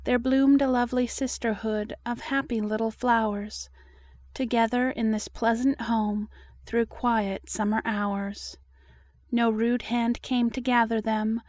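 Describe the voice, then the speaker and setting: Woman narrating a story poem, slow, very even and flat delivery, dry. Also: on the high side, no room sound. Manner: slow, even, measured recital. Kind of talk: reading a story poem aloud.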